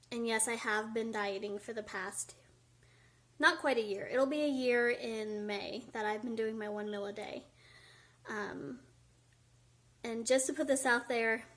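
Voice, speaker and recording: A woman, talking candidly and casually to camera in a home vlog, a little out of breath. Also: on the high side. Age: 20s. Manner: chatty, candid, many fillers. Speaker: vlogger. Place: indoors by a window at home.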